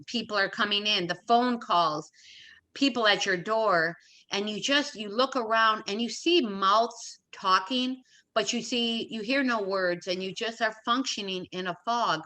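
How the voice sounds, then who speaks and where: A woman's voice: medium pitch, a little slow, sharp tone. A middle-aged woman, an interview guest, telling an emotional personal story and acting out the dialogue with emphatic repetition. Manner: retells events with quoted dialogue and emphatic repetition.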